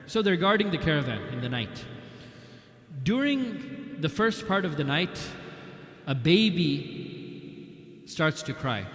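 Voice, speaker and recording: A man's voice: on the high side, takes it slowly, pauses often. Man telling a story in an echoey hall. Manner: animated storyteller, acts out dialogue. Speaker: Islamic history lecturer. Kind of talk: storytelling lecture.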